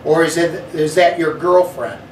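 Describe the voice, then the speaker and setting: A man's voice: on the high side, moderate pace, darkish tone, slight background noise, natural voice. Man voicing a snarling kid bully, mean, echoey, a little off-mic. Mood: sneering. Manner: sneering, snarling. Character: big mean schoolboy bully, sneering. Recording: echoey room, slightly distant mic.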